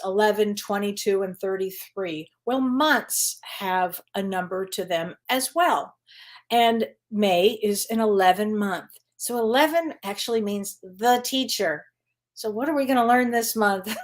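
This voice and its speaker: A woman, a spiritual medium and psychotherapist, hosting a casual live Q&A stream. She chats easily, greets viewers by name and laughs often. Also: medium pitch. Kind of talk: casual livestream chat.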